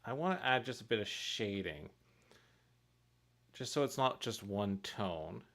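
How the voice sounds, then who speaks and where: A man's voice: lowish voice, lively intonation, a little slow, vocal fry, fairly bright tone. A man casually narrating his work on a live stream, thinking aloud and chuckling at his own mistakes. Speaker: streamer making pixel art for a game.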